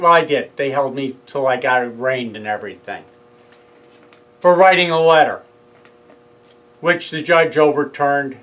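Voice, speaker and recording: A middle-aged New York man recounts a legal case in a casual monologue, voicing both sides of a heated phone argument. His voice sits fairly high and a bit bright, and the audio is poor.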